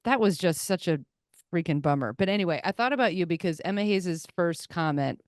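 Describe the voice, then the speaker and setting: A woman hosting a podcast, telling stories in casual chat with quick asides and little voices for the people in them. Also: on the low side, no echo, clean studio sound. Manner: animated storyteller, quick asides and put-on voices. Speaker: podcast host.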